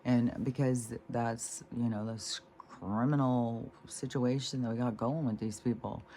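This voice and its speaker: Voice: mid-range voice, fairly even intonation, measured pace, mellow, a little hiss or hum. Rambling, indignant casual vlogger. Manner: meandering, with frequent fillers and restarts; indignant and disgusted, swearing freely.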